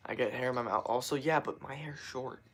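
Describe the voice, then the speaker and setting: A man's voice: mid-range voice, brisk, noisy background. A young man talking loosely to his viewers on a livestream, rambling and swearing constantly as he chats. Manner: loose, rambling and heavily profane. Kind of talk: casual livestream chat to viewers.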